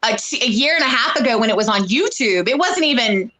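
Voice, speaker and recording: A woman co-hosting a casual show chat, talking in a chatty, animated way and acting out quoted lines when she retells a story. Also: fairly high pitch, fast talker, background noise. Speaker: co-host.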